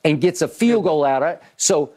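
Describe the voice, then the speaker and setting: Male sports talk host, slightly high voice, emphatic, stammering repetitions. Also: expressive, moderate pace, darkish tone. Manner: emphatic, repeats words at starts, rhetorical questions. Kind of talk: animated football analysis chat.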